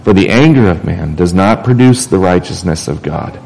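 A man's voice: deep voice, lively intonation, normal speed, gravelly, a little mellow, rough recording. A man preaching a sermon in a casual, conversational way. He often restarts and repeats words as he talks. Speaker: pastor.

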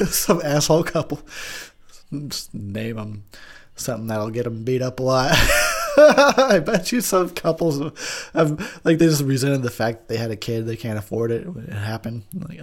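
A man's voice: medium pitch, lively intonation, a little slow. A tipsy man giving drunken movie commentary, ranting with lots of swearing and laughter. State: tipsy from drinking.

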